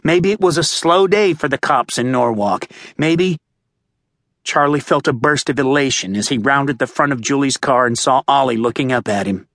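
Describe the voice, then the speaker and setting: A male audiobook narrator reading a thriller in a tense, measured way, close to the mic. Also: mid-range voice, lively intonation, a bit bright, dry recording. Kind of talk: scripted narration. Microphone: close studio mic. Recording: dry close-miked studio.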